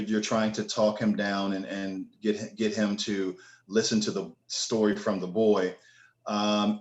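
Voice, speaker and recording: A man runs a tabletop game as game master, slowly explaining the rules with frequent pauses. His voice sits a little low and he speaks at a very slow pace. The room around him is roomy and echoey. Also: highs cut off. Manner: unhurried, many fillers and restarts.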